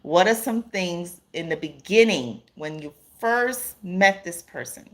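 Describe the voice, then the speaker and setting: A woman's voice: lowish voice, lively intonation, slow pace. A woman hosting a live stream in a casual, earnest way, repeating points for emphasis and greeting chat viewers by name.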